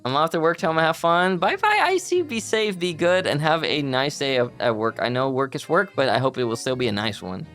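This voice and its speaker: A young man casually chatting with viewers on a live stream, playful and quick to laugh as he greets people. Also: mid-range voice, fairly bright tone, clear, resonant tone, faint music behind.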